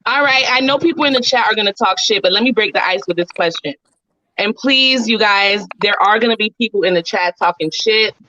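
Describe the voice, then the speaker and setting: A woman's voice: medium pitch, brisk, sharp tone, dry recording. A woman guest on a livestream panel, teasing and playful in casual chat. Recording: dull lo-fi call with noise.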